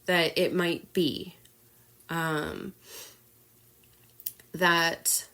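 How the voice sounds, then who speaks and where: A woman's voice: on the low side, a bit bright. Candid woman telling a personal story. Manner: candid, emotional, many fillers. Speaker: podcast host.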